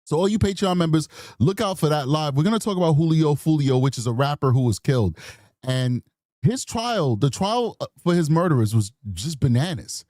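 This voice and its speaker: A man's voice: a little high, expressive, normal speed, darkish tone, no room sound, studio quality. A man hosting a true crime show in casual, rambling commentary, chatty with apologetic asides. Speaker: true crime podcast host.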